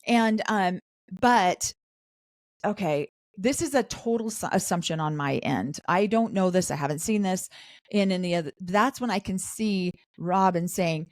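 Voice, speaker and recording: Chatty woman recapping, low voice. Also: a little mellow, dry recording, clean studio sound. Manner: chatty, quotes the cast in quick asides. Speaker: podcast co-host. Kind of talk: casual recap chat.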